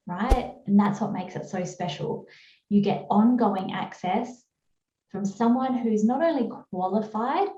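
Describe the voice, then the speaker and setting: A woman with an Australian accent giving a chatty, upbeat webinar pitch with frequent fillers over a video call. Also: dark tone. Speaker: webinar presenter. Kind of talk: webinar presentation. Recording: roomy, dull video-call audio.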